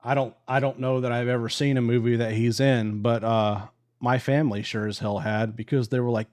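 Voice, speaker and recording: Relaxed male live-stream host, medium voice, chatty storyteller who cusses easily. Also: medium pitch, a little fast. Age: adult with a wife. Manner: laid-back, swears casually, laughs while telling. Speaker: livestream host. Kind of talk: casual storytelling. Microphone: live stream microphone.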